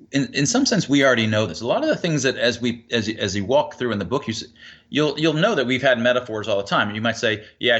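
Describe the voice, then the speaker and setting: A man being interviewed as an author, explaining ideas in an animated way with frequent restarts. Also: medium pitch, lo-fi sound. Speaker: author guest. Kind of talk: interview answer.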